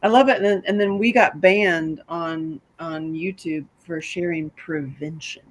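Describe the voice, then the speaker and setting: A woman co-hosting a casual podcast chat, telling stories in an animated way and often laughing. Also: fairly low pitch, measured pace, poor audio. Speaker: podcast co-host.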